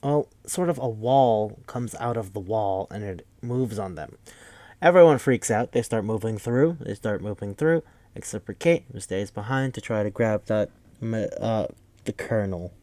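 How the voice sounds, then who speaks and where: A man's voice: lowish voice, expressive, moderate pace, warm tone, no room sound. A man casually recapping a movie, rambling and swearing with lots of fillers. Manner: rambling, profane, full of fillers. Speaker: podcast host.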